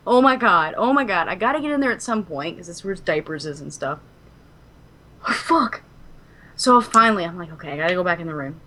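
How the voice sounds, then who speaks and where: A woman from Kentucky, co-hosting a podcast, telling a story in casual chat, animated and dramatic, swearing freely. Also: on the high side. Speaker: podcast co-host.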